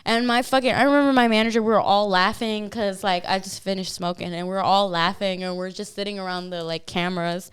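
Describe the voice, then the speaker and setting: A young woman on a podcast, telling club stories in a blunt, profane, animated way. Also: mid-range voice, brisk, few pauses, smooth. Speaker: podcast guest, dancer. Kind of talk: casual storytelling chat.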